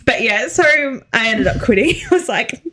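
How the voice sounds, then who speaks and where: A woman's voice: fairly high pitch, animated, normal speed, fairly bright tone, slight background noise. A young woman, co-hosting a podcast, telling stories and laughing often in casual chat. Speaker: podcast co-host.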